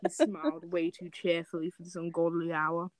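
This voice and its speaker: A woman's voice: fairly low pitch, flat delivery, normal speed, dry recording, low-quality recording. A young woman casually reading a fanfic aloud, breaking off often to joke and laugh. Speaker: fanfic reader.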